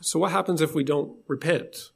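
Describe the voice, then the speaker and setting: Man, fairly high voice, informal sermon, conversational, emphatic. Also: normal speed, vocal fry, husky.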